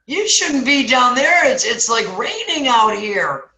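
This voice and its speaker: A woman voicing a forgetful, dazed man who drawls slowly and loosely. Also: high-pitched, sing-song, pushed and bright, roomy sound, voice pushed up, exaggerated voice, poor audio. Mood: dopey.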